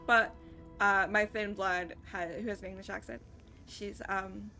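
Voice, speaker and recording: A woman streamer talks casually while she plays a game. Her voice is bright and forward, and she rambles with lots of fillers. Faint music sits behind her. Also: mid-range voice, level tone, unhurried. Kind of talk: casual gameplay chat.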